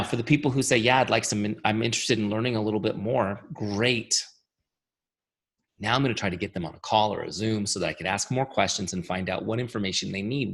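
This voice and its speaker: Lowish voiced guy running a webinar, kinda losing his voice, keeps asking are you with me. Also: creaky, slightly rough. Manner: energetic, chatty, rhetorical questions, goes off on tangents. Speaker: software founder giving a training webinar. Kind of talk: webinar training.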